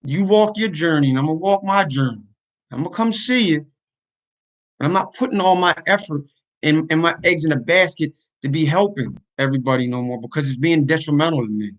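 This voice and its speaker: A man's voice: on the high side, fairly quick, highs cut off. A man talking earnestly to his online community in a casual livestream, venting his frustrations. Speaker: YouTuber and podcaster.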